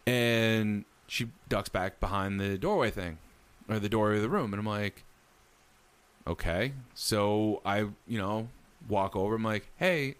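A man telling a story in casual chat, animated and acting out the lines he quotes. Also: fairly low pitch, measured pace, smooth. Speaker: storyteller recounting a ghost encounter.

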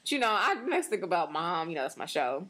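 A woman's voice: lowish voice, quick pace. A young American woman co-hosting a casual podcast chat, telling stories and acting out quotes with lots of fillers. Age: young adult. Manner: animated storytelling, acts out quotes in varied voices; frequent fillers like "like" and "you know". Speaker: podcast co-host.

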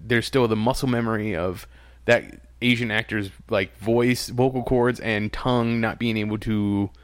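A relaxed, talkative man hosts a podcast, chatting about a TV episode. He laughs easily and often trails off and starts again. His voice is recorded close and dry, with no room sound. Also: on the low side, normal speed, dry recording. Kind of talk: casual chat reviewing a TV episode.

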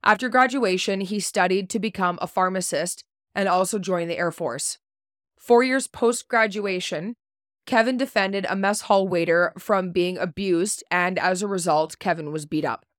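A woman's voice: fairly low pitch, moderate pace, dry recording, studio quality. A woman hosting a podcast, reading a prepared story segment in a blunt way, swearing casually and stumbling over unfamiliar names. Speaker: podcast host.

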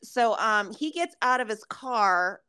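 A middle-aged woman talks through a casual podcast chat with a bright, forceful tone and fairly high voice. She is blunt and swears freely. The sound is close and dry. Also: lively intonation, slow, clean tone, no room sound. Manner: profane, blunt storytelling. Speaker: podcast co-host.

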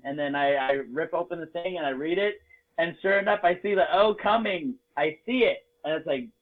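A joking man tells a story in loose, casual talk, swearing often and getting animated along the way. His voice sits a bit high for a man. The sound comes through thin and tinny, like a phone line. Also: brisk. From Las Vegas, United States. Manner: profane, jokey and animated.

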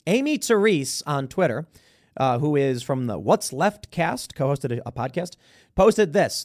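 A man's voice: on the high side, big pitch swings, measured pace, darkish tone. A man hosting a political talk show, giving sarcastic, rambling opinion commentary. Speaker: political podcast host.

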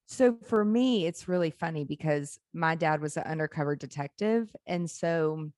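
A woman's voice: deep voice, moderate pace, a little mellow, dry recording, clean studio sound. A woman in her forties telling candid family stories in casual chat, laughing and swearing now and then.

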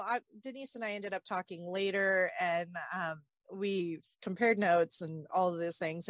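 A woman's voice: lowish voice, no room sound. A woman candidly retelling a painful personal story on a talk show, acting out what others said. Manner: emotional, animated retelling with quoted dialogue. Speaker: guest telling her story.

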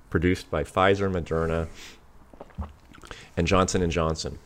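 A man who is a physician, speaking as a talk-show guest and pressing each point with firm emphasis. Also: low-pitched. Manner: emphatic and insistent, stressing key words.

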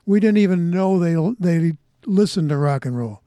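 A man's voice: sits high, expressive, moderate pace, warm tone, no room sound. An older American man hosting a radio show, chatting casually and rambling between songs in a folksy, reminiscing way at a studio microphone. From United States.

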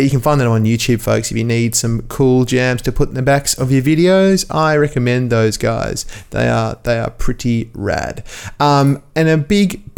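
A man's voice: mid-range voice, clean tone. A man hosting a cricket podcast, chatty and jokey, talking straight to his listeners. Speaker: podcast host. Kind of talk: casual podcast sign-off.

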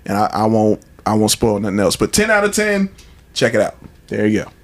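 A podcast co-host tells stories with real enthusiasm in a casual chat, acting out quotes as he goes. He speaks somewhat fast, and his voice is on the low side.

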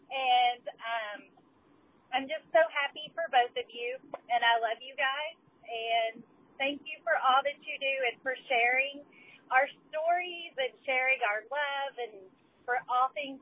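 A woman's voice: high-pitched, phone-quality sound. A woman leaving a heartfelt voicemail of thanks for podcast hosts. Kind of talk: warm voicemail message. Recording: phone voicemail line.

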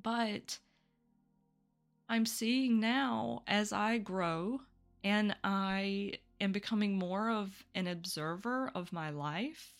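A woman's voice: medium pitch, a bit bright. A woman hosting a solo spiritual podcast, talking candidly and reflectively, with little laughs between thoughts. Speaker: podcast host.

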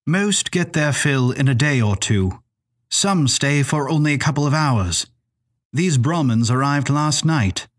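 A man voicing a soft-spoken, courteous keeper of a dream lodge with a grand way of talking. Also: fairly high pitch, lively intonation, measured pace.

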